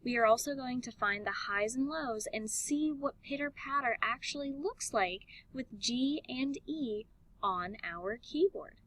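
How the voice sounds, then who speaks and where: A woman music teacher giving an elementary music lesson, talking slowly and clearly and encouraging the class. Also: on the high side, fairly bright tone, rough recording. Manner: slow, clear, encouraging teacher talk with sung and chanted examples.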